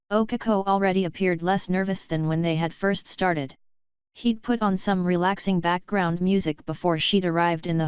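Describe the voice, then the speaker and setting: A woman narrating a fan fiction audiobook in a calm, even storytelling manner. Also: lowish voice, clear, resonant tone, dry recording. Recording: slightly dull, dry close-mic recording.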